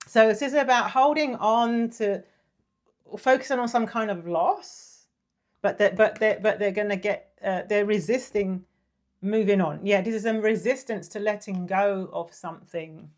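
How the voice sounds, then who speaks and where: A woman giving a casual tarot reading, chatty and apologetic, drifting into soft murmurs and breathy sighs. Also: medium pitch, normal speed. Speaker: tarot reader.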